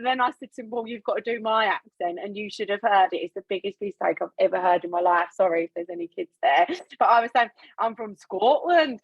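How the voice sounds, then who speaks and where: A woman's voice: mid-range voice, no room sound. A woman hosting a video training call, telling a story in a chatty way and laughing often. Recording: dull, dry video call audio.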